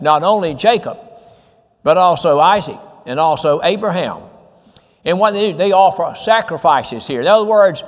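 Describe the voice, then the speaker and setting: A man's voice: fairly high pitch, long reverb tail. A male pastor, preaching a sermon with emphatic repetition and scripture quotes.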